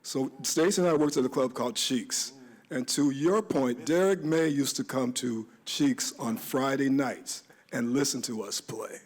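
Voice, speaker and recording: A man's voice: medium pitch, measured pace. A man, a DJ on a discussion panel, telling stories in a rambling, reminiscent way with many restarts.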